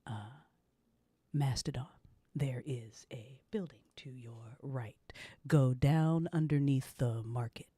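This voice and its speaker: A woman's voice: very deep voice, husky, no echo, clean studio sound, voice pushed down, full character voice. Woman doing a whispering ghostly apparition. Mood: ominous. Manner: hushed, measured warnings. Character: cryptic apparition woman, calm and ominous. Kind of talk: whispered role-play.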